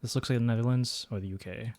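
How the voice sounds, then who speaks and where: A man's voice: mid-range voice, fairly even intonation, fast talker, darkish tone, no room sound. A man streaming a geography guessing game, thinking aloud and muttering his guesses with self-deprecating asides. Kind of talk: casual gameplay commentary.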